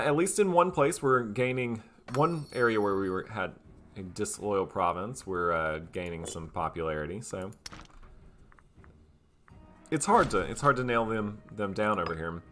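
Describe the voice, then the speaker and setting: On the low side and fairly bright, this gameplay commentator voices a character during a strategy let's play. He's musing and playfully boastful, hesitating often with fillers, while faint music plays underneath.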